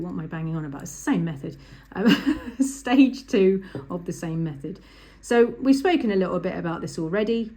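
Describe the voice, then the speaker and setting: A woman teaching driving over a set of drawings, her voice sitting in a middle pitch. She talks in a chatty, emphatic way, leaning on each key point and repeating it. It comes across as a lesson recorded close to the mic. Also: darkish tone. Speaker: driving instructor. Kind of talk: instructional talk over drawings.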